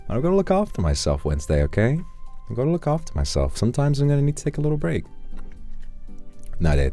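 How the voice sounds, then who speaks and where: A British man streaming live, chatting casually and reading out donations, playful and animated, swearing freely. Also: very deep voice. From United Kingdom.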